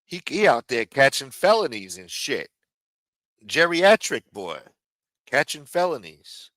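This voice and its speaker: A man's voice: medium pitch, big pitch swings, measured pace, fairly bright tone, dry recording, clean studio sound. A man hosting a live commentary stream, sarcastic, profane and mocking as he talks. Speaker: livestream host.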